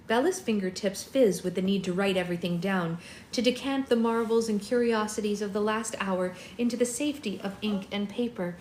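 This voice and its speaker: A young woman hosting a readalong, reading a novel aloud in a steady, expressive way. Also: mid-range voice, normal speed, echoey room, a little hiss or hum. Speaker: readalong host.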